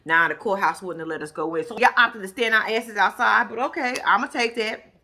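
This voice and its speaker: A woman's voice: mid-range voice, a little fast. A woman telling a story in a casual, profane vlog, acting out what everyone said in her own voice. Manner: animated, profane, acts out others' lines. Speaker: storyteller recounting a reality-show shoot.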